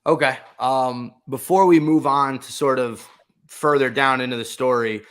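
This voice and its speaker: A man's voice: medium pitch, steady tone, a little slow, fairly bright tone, clean tone. A young adult man co-hosting a casual movie review chat, hesitant and asking his co-host questions. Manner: hesitant, many fillers and restarts, asks his co-host questions. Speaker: film review podcast co-host.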